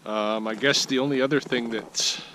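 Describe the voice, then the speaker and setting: A man's voice: mid-range voice, fairly even intonation, normal speed, a bit bright, rough recording. A man giving a casual weekly vlog update outdoors in his backyard, thinking aloud with plenty of fillers and restarts. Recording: outdoor ambient noise behind the voice.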